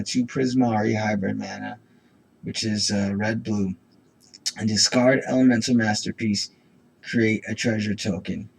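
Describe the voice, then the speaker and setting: A man's voice: fairly low pitch, a little slow, vocal fry, slightly rough, low-quality recording. A man with an itchy throat hosting a casual card-opening video. He reads card text aloud and rambles through asides. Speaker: host.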